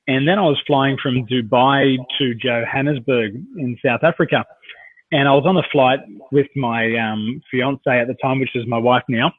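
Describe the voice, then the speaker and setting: A man's voice: medium pitch, dry recording. A man from Australia, a coach and interview guest, telling rambling anecdotes with many fillers and restarts. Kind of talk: conversational storytelling. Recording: dry, tinny phone-like audio.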